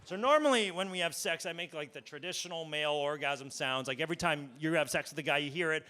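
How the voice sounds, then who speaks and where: A male stand-up comedian talking casually on a comedy club stage with deadpan asides. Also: on the high side, quick pace.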